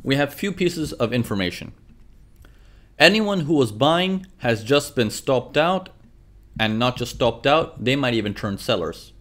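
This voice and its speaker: In a medium-pitched, unhurried voice, a man leads a live trading lesson over charts. He stays animated, regularly checks in with "okay" and "right," and performs the thoughts running through traders' heads.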